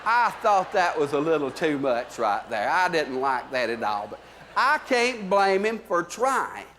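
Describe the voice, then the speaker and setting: Southern male stand-up, high voice, folksy drawling storyteller, live on a theater stage. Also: big pitch swings, measured pace, slight background noise. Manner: folksy drawling storyteller, swings between loud and low. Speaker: stand-up comedian.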